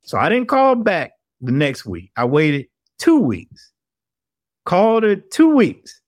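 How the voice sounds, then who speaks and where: Man telling a lively story. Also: high-pitched, slow, no room sound, studio quality. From Atlanta, US South. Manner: animated storyteller who acts out the people he quotes. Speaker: investigative reporter, guest. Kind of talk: storytelling in a podcast interview.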